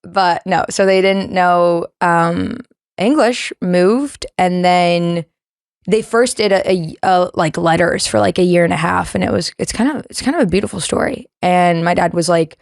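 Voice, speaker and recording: A woman's voice: lowish voice, normal speed, gravelly, dry recording, clean studio sound. Chatty young Canadian woman comedian. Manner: chatty, rambling, giggly. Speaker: podcast guest, comedian. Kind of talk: casual interview chat.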